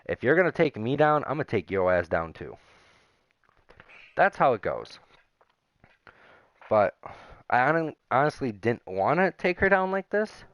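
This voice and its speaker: A man's voice: mid-range voice, a bit bright, dry recording. A young man venting casually to his viewers, rambling and aggrieved as he reads out old messages. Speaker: gaming YouTuber. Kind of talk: casual vent to camera.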